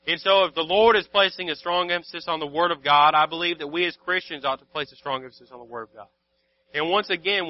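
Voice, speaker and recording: A man preaching a sermon in an earnest, repetitive way, with frequent restarts and fillers. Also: on the high side. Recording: dull lo-fi sound.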